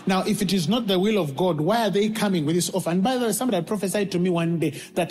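A male pastor preaching an animated sermon, laughing and acting out scenes. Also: high-pitched, quick pace, hardly any pauses, soft background music.

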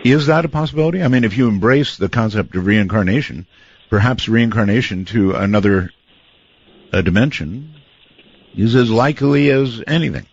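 A man's voice: fairly low pitch, moderate pace, no echo. Chuckling late-night radio host, man. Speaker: radio talk show host. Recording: muffled radio broadcast with faint music.

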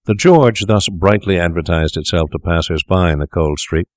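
A male audiobook narrator reading a classic tale in a measured, formal way. His voice is very low and deep. The recording is dry and close, with no room sound. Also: no room sound.

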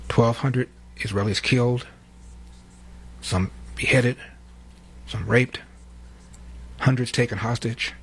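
A man's voice: on the low side, husky. A man hosting political commentary, speaking bluntly and emphatically as he introduces clips. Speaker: commentary host.

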